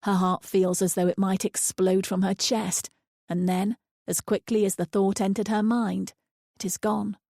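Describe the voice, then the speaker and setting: Woman narrator for a thriller audiobook, measured and quiet, gravelly fry, dry close mic. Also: medium pitch, level tone, no room sound.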